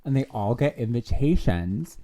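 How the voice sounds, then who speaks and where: A woman co-hosting a podcast in a casual chat, animated and chatty, filling her talk with ums and likes. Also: a bass voice, normal speed. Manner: animated, chatty, with many fillers. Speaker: podcast co-host.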